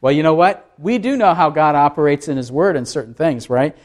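A man's voice: a little high, a little fast. A man preaching a sermon, emphatic and asking the congregation questions. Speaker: pastor.

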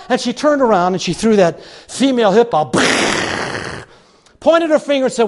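Older male pastor from Chicago, animated storytelling preacher, high voice with wide swings. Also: measured pace. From Chicago, USA. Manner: animated, dramatic, jokey and self-mocking. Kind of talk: storytelling sermon.

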